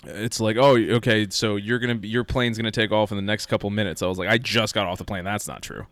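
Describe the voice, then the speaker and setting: A man in casual podcast chat, telling an animated story and acting out what people said. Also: lowish voice, fast talker, no echo. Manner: animated storyteller, acts out quoted lines.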